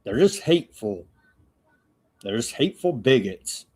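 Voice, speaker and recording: Guy hosting a political news stream, mid pitch, sarcastic and mocking, lots of uh's and restarts. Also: big pitch swings, a little slow, husky. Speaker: host of a political news commentary show. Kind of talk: live-streamed political commentary.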